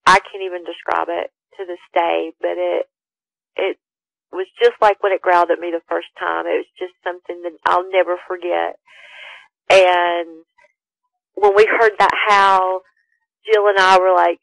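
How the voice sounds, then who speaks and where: A woman caller recounting a frightening personal encounter in a halting, emotional way. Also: lowish voice, level tone, creaky, fairly bright tone, dry recording, rough recording.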